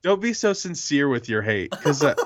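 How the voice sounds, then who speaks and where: A man's voice: fairly high pitch, very animated, moderate pace. A man hosting a casual podcast, laughing often as he reads listener mail aloud. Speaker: podcast host.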